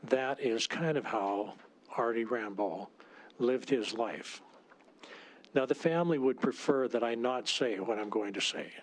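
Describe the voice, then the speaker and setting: A man, a state senator, introducing a bill at a legislative committee hearing, speaking haltingly with frequent restarts. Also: medium pitch. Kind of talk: formal committee testimony.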